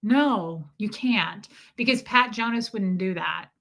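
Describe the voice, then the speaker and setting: A Midwestern American woman hosts a casual live stream, trading sarcastic chatter with her viewers. Her mid-range voice is a bit bright and moves at a slow pace. She rants sarcastically and slips in mocking impressions.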